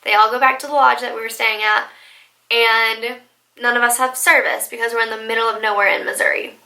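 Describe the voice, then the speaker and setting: A woman in her twenties tells a storytime vlog in an excitable, animated way, with plenty of likes and laughter. Her voice sits high and sounds bright and forward. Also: fairly quick, creaky, rough recording. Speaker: vlogger.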